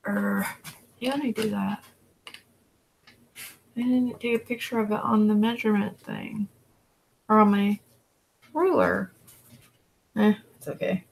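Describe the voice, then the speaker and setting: An online reseller vlogger, a woman with a gravelly, creaky voice, chats casually with her viewers while she works, answering their questions. She drawls slowly and relaxedly, using lots of fillers, and calls to her dogs in a high, coaxing tone. There's a slight hiss or hum in the recording.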